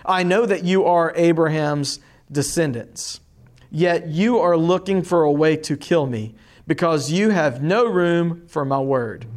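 A man teaching a class, reading a long scripture passage aloud slowly and deliberately, with emphatic rises on key lines. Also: a little high.

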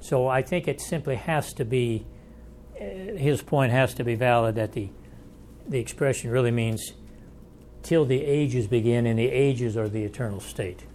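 A man's voice: mid-range voice, normal speed, a little mellow, a little hiss or hum. A man teaching a Bible study lecture in a folksy, conversational way, thinking aloud and inviting questions from the class.

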